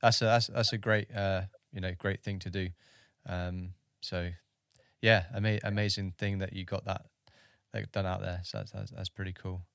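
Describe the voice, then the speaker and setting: Smooth, low-voiced male podcast host. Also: flat delivery, moderate pace, a bit bright, dry recording, clean studio sound. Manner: supportive, short affirmations, hesitant questions. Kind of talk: interview.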